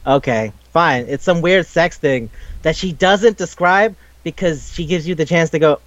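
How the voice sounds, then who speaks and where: Man, casual game chat, rambling, profane, slightly high pitch, dry lo-fi recording. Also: dry recording. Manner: rambling, profane, acts out game characters in quick bits. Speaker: podcast co-host.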